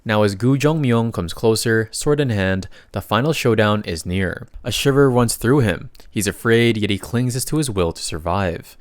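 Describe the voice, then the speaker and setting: Low-voiced man narrating a comic recap. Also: animated, normal speed, hardly any pauses.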